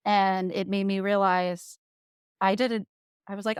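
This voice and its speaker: A woman in her thirties from the Jersey Shore, a podcast guest candidly telling her own story with lively laughter. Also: medium pitch, moderate pace, smooth, no room sound, studio quality. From Jersey Shore, USA.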